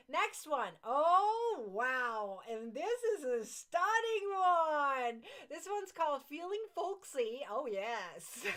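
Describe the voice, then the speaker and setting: Non-native English speaking woman, crochet livestream host. Gushy, excitable, giggly. High voice. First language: not English. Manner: gushing, excitable, laughs often. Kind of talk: casual chat reading viewer comments.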